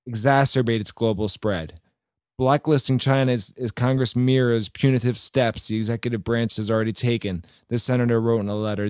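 A man's voice: mid-range voice, a little mellow, smooth, no echo, clean studio sound. A man hosting a podcast in casual political commentary, loose and blunt, swearing freely as he reads and reacts to news stories. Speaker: podcast host.

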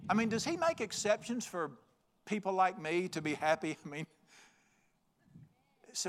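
A man's voice: sits high, sing-song, normal speed, long pauses. A man preaching a folksy, joking, emphatic sermon. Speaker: pastor.

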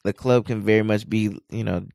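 A man talks through a TV episode in a loose, rambling way, with constant filler words. His voice sits low and has a gravelly edge. The recording is dry and close. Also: steady tone, a little fast, a little mellow, dry recording. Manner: rambling, many "you know" fillers. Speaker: podcast co-host. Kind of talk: casual episode recap.

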